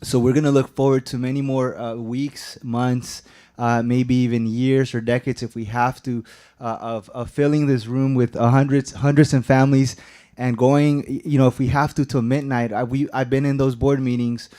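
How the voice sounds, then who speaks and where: A man making a public comment at a school board meeting, earnest and halting, with many fillers and restarts. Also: mid-range voice, flat delivery, mellow. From immigrant.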